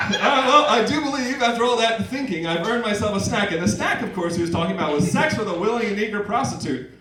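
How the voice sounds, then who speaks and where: A man's voice: sits high, lively intonation, quick pace, hardly any pauses. Rambling man doing open mic comedy. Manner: rambling, full of asides and fillers. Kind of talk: reading comic fan fiction aloud. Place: bar open mic night. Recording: echoey and distant with noise.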